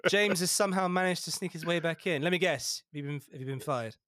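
A man's voice: fairly high pitch, fast talker, a bit bright, dry recording, studio quality. A man hosting a tabletop gaming podcast, chatting casually with teasing jokes and stumbling restarts. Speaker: podcast host. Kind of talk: casual chat.

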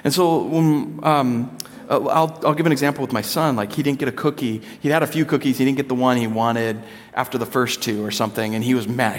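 This pastor, a man in his thirties, speaks briskly in a steady, medium-pitched voice. His sermon is conversational, with quotes acted out in playful voices, and the sound carries a long hall reverb.

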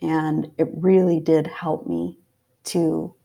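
A woman from Pennsylvania, a podcast guest, telling a personal story in a heartfelt way, sometimes dropping to a soft whisper. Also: lowish voice, level tone, moderate pace, vocal fry. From Pennsylvania, USA. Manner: heartfelt, drops to soft whispers when recalling intense moments. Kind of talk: casual storytelling.

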